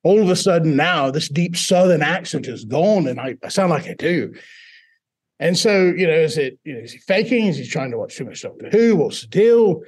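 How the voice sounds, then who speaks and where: A man from Mississippi, a teacher, telling his personal story in an interview in a relaxed, self-deprecating way. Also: on the high side, normal speed, slightly rough. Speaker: teacher and guest.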